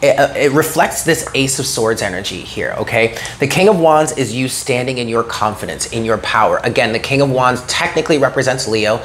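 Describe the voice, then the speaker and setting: A man with a mid-range, fairly bright voice gives a tarot reading, speaking fairly quickly with few pauses over a faint hiss or hum. He talks earnestly and encouragingly to the listener, checking in often with "okay?"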